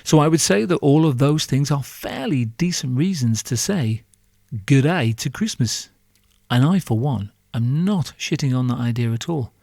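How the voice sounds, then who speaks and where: A man's voice: mid-range voice, warm tone, no echo, clean studio sound. A man hosting a podcast, delivering a sarcastic, profane comic monologue full of rhetorical questions. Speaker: podcast host.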